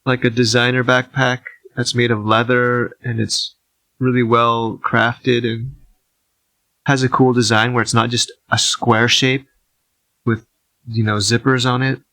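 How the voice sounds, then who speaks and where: A young man hosting an ASMR podcast, rambling slowly and quietly with wry asides. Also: flat delivery, no echo. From United States, outside the South. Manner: slow, low-key rambling with wry asides. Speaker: podcast host. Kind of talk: soft-spoken ASMR podcast monologue.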